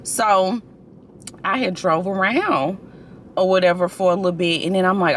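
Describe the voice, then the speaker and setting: A young woman vlogger from St. Louis, chatting casually and telling an animated story in her car. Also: lowish voice, fast talker, a little hiss or hum. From St. Louis, USA.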